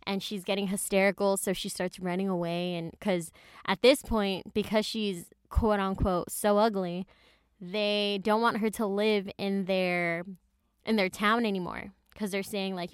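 A woman's voice: medium pitch, fairly even intonation, a little slow, smooth, no room sound, studio quality. A young woman hosting a podcast, recording in her closet and retelling a story in a chatty, slangy way with lots of asides. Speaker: podcast host. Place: closet at home.

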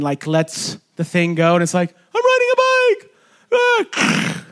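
A young man preaching a sermon as pastor in a casual, conversational way, with fillers and self-corrections, sometimes jumping high to act out quoted voices. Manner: acts out quoted voices in sudden high pitch. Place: church sanctuary.

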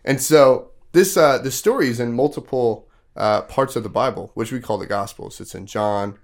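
Speaking at a moderate pace in a mid-range voice, this podcast host gives kids a relaxed, filler-heavy retelling of a Bible story. He keeps breaking off to ask them questions.

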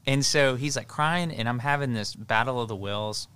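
A man in his thirties, co-hosting a podcast, telling family stories in a lively, rambling way with many restarts. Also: mid-range voice, normal speed, clear, resonant tone, dry recording. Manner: animated storytelling with frequent restarts and fillers. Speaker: podcast co-host, father. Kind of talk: casual podcast conversation.

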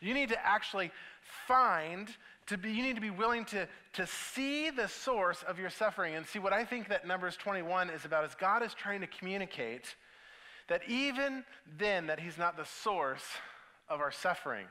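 Bright-voiced animated male pastor. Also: sits high, moderate pace, poor audio. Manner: animated storytelling, with acted asides and laughter. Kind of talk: sermon.

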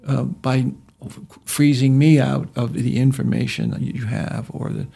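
A man hosting a relaxed discussion, wandering through his stories with frequent restarts. His voice is gravelly and husky, sitting at an ordinary middle pitch. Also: unhurried. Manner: rambling, many restarts, tells jokes and anecdotes. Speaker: podcast host. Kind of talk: casual discussion.

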